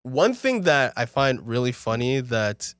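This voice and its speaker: Male co-host, mid-pitched, loose and profane, dry close mic. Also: unhurried, clear, resonant tone, no room sound. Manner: loose, animated and swearing, often laughing. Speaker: podcast co-host. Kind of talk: casual chat.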